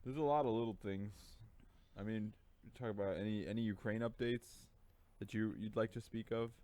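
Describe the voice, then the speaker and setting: A man's voice: lowish voice, steady tone, brisk, mellow. A man co-hosting a casual podcast chat from a room at home, blunt and profane, heating up as he rants. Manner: blunt, profane, heats up when ranting. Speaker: podcast co-host.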